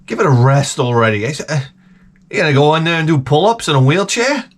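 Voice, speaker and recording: A middle-aged man hosting his own channel, giving a crude, profane comedic rant that swings from mutters to shouts. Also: a little high, expressive, fast talker. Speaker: channel host.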